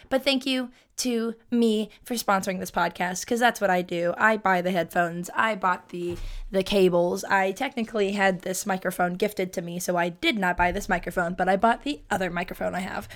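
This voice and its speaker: A woman in her twenties hosting a solo podcast in a rambling, self-mocking way, her voice a little hoarse and scratchy as she keeps clearing her throat. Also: medium pitch. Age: 20s. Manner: rambling, self-mocking, chatty with many fillers. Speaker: podcast host. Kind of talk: casual solo podcast chat.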